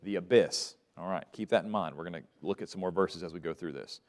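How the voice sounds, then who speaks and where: A man's voice: deep voice, fast talker. A man teaching a Bible lesson to a class, asking questions and letting them fill in the answers. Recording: long reverb of a large room.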